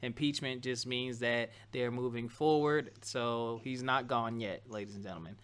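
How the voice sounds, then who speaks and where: A man's voice: mid-range voice, fairly even intonation, moderate pace, fairly bright tone, clear, resonant tone. A man hosting a casual talk show, going over news topics in a loose, conversational way, often stopping to correct himself. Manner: conversational, wanders, laughs at himself. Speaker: podcast host.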